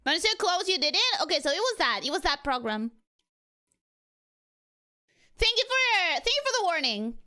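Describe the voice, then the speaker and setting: Excitable high-voiced woman streamer. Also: normal speed, long pauses. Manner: excitable, animated, swears freely. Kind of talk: casual game livestream commentary.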